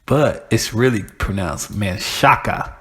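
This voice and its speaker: A man's voice: mid-range voice, moderate pace. A man from Austin, hosting a podcast in a loose, profane, joking monologue. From Austin, Texas. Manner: loose, profane, chuckling between jokes. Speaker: podcast host. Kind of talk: casual comedic monologue.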